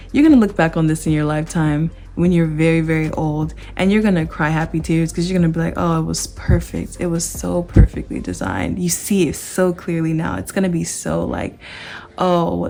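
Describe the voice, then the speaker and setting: Woman, tarot reader, excited and emphatic, lowish voice, soft music underneath. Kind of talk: casual tarot reading to camera.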